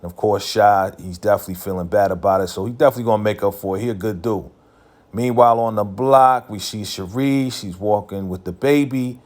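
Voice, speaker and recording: A man's voice: lowish voice, fairly quick, darkish tone. A man casually recapping a TV episode in a laid-back, slangy way, full of filler phrases.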